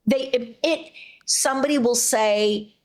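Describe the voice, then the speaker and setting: A middle-aged woman voice actress chatting as an interview guest, warm and rambling with frequent restarts. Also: a little high, a little slow. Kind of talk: casual interview chat.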